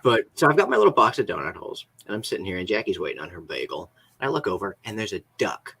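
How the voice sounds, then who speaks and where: A podcast co-host who lives in a Florida college town tells a funny everyday anecdote during a casual live show, relaxed and swearing casually. His voice is fairly low, gravelly and slightly rough, with a fairly bright tone, and he talks quickly and with lots of animation.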